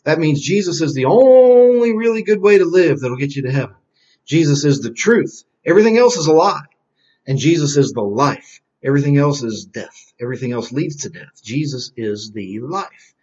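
A man's voice: on the high side, animated, a little mellow. A man teaching a Bible lesson to children, quizzing them and repeating key phrases in call-and-response. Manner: quizzing, answering his own questions slowly; repetitive call-and-response drilling. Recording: dull lo-fi recording.

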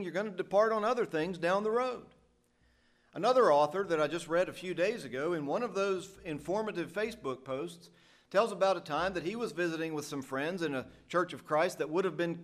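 Earnest preacher with a higher voice. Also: male voice, fairly bright tone. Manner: earnest, emphatic preaching with rising and falling emphasis. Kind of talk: sermon.

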